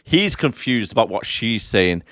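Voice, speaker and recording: A man's voice: lowish voice, big pitch swings, measured pace, a bit bright, no room sound, clean studio sound. A man co-hosting a casual movie podcast, roasting the film with exasperated sarcasm. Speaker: podcast co-host.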